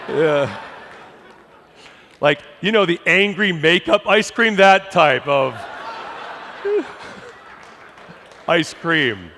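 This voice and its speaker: A man's voice: a little high, drawn-out words, pauses often, a little hiss or hum. Man telling a story in a big hall. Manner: conversational, animated, asks the crowd questions. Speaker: motivational speaker. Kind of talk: storytelling talk to a live audience. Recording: long hall reverb.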